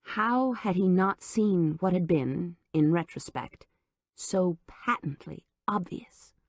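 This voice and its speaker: A woman narrating an audiobook in a measured, low-key manner on a close studio mic. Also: no echo. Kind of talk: scripted narration.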